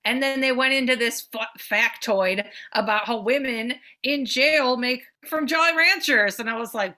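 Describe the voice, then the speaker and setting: A woman in her thirties co-hosting a podcast, chatting casually and animatedly, swearing and swinging her pitch. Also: moderate pace, hardly any pauses. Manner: animated, swearing, jumps between pitch levels. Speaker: podcast co-host. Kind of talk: casual chat.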